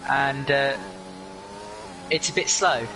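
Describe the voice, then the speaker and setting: A man co-commentating an online racing session in a relaxed, joking way. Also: medium pitch, slow, background noise.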